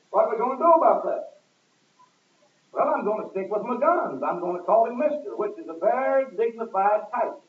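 A high-voiced man preaches a sermon, hammering each point with sudden bursts of volume and dropping low between them. The recording is thin and phone-like, and his voice echoes as if captured from across a large room. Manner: emphatic, rising and falling with sudden loud stresses. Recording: echoey, distant, tinny lo-fi recording.

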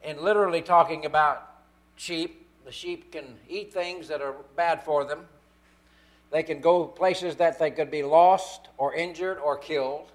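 Man, preacher, sermon, emphatic, slightly high voice. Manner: emphatic, slow stresses on key words.

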